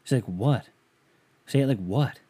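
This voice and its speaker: An American man hosts a casual solo podcast, reading listener emails while rambling and swearing freely. His lowish, mellow voice is animated and moves at a normal pace, and his delivery is profane, rambling and sarcastic.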